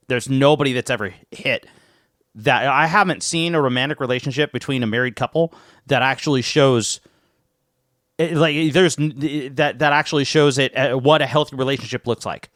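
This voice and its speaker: A man co-hosting a casual podcast, talking in an animated way with plenty of restarts and some swearing, close to the mic. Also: mid-range voice, no room sound. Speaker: podcast co-host.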